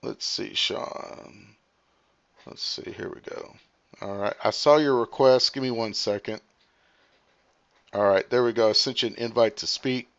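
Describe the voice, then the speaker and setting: A man with a lowish voice hosts his own livestream and talks off the cuff. He rambles, thinks out loud with plenty of fillers and hurries along as he reads comments. The audio is dull and lo-fi. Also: vocal fry. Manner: talks fast while reading comments. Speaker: livestream host.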